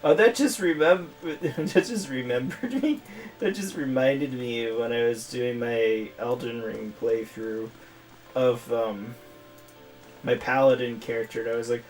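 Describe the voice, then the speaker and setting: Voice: medium pitch, unhurried, a little mellow. A game streamer rambling and giggling in casual let's-play commentary, recorded on a distant mic with music behind. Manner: giggly, rambling, self-mocking.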